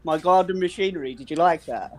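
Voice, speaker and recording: A man's voice: on the high side, fast, very noisy. Swearing man in his forties. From South East London. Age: 40s. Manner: swearing, laughing banter. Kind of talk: casual chat.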